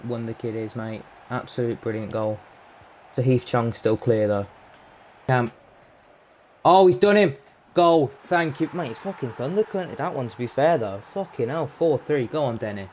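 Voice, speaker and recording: Sweary excitable gaming lad. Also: male voice, medium pitch, moderate pace, slight background noise. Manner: sweary, excitable, jokey banter. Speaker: gaming YouTuber. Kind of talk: live gameplay commentary.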